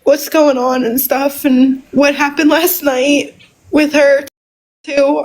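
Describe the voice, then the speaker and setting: A tearful woman with a high voice talks slowly on a casual livestream. She is emotional, halting, pausing and restarting as she speaks. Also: flat delivery, a little mellow, rough recording.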